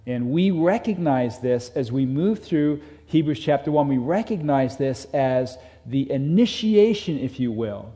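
A man preaching a sermon as a pastor, earnest, rising in intensity and then dropping to soft emphasis. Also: medium pitch, lively intonation, measured pace, hardly any pauses. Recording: long hall reverb.

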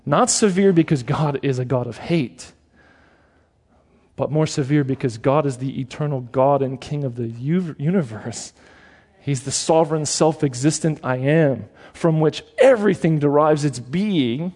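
A man's voice: on the high side, a little mellow. A male preacher delivering a sermon in an earnest way, repeating words for emphasis.

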